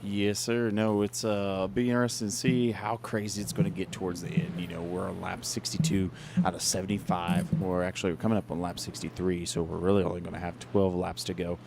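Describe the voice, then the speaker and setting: A man's voice: low voice, little pitch movement, brisk, creaky, a little mellow, a little hiss or hum. A man giving color commentary on an online racing broadcast, casual and hesitant with lots of fillers. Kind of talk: live sim racing commentary.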